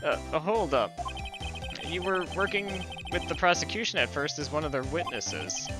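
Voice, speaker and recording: A man's voice: on the high side, animated, moderate pace, natural voice. A man voicing a flustered young lawyer. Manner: stammering, apologetic. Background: game music.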